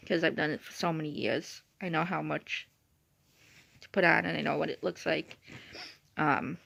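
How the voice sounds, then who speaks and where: A woman's voice: on the low side, creaky, no room sound. A young woman vlogging in casual chatty storytelling, rambling and saying "like" constantly. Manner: rambling, uses "like" a lot. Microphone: phone or device screen. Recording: dull lo-fi sound.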